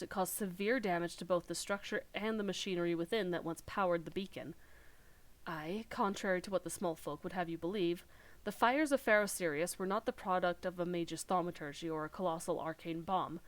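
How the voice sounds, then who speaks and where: A woman voicing a dutiful male lighthouse overseer from a game in a put-on western English countryside accent, reading the lines in a measured, formal way. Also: on the low side, close to an everyday voice. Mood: earnest. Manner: measured, formal storybook delivery. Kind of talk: reading game dialogue aloud.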